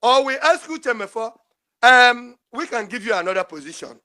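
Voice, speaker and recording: Older male caller, strikingly high-pitched, pleads emotionally and repeats himself. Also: expressive, moderate pace, bright, forceful tone. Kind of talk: impassioned call-in speech.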